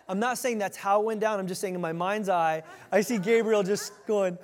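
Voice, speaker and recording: Pastor guy preaching, fairly high voice, chatty and animated, long reverb like a big hall. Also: fast talker, few pauses. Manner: conversational, animated, dropping to a hush for emphasis. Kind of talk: sermon.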